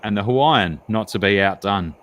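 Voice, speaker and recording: A man with a very low, rumbling voice spins out a joke with deliberate pacing. He talks casually, as if among friends on a stream. A faint background hum is audible. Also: fairly bright tone. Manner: drawn-out, deliberate storytelling. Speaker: stream guest. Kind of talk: casual chat and joke telling.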